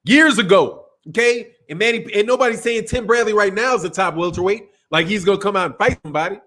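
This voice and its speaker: A middle-aged Chicagoan hosts a boxing livestream, keeping the chat loose, slangy, and casual while laughing often. He talks fast in a high, slightly bright voice.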